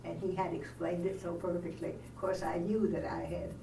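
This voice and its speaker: An older woman from Canada shares a memory in a halting, hesitant way, her low voice gravelly with fry. She is heard from some distance in a roomy space, with clear noise behind her. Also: level tone. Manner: hesitant, many ums and uhs. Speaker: audience member. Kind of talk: casual storytelling. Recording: roomy sound from far off, noisy.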